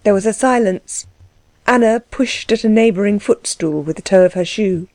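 Woman narrating a novel, measured. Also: medium pitch, darkish tone, no room sound. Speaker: audiobook narrator. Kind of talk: scripted narration.

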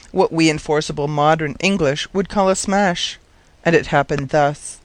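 A man reading a story aloud in measured, wry scripted narration. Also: a little high, dry recording. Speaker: audiobook narrator.

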